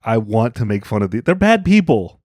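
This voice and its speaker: A man, a comedian guest, chatting casually on a podcast, animated and jokey with lots of fillers. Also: on the low side, moderate pace, dry recording, studio quality.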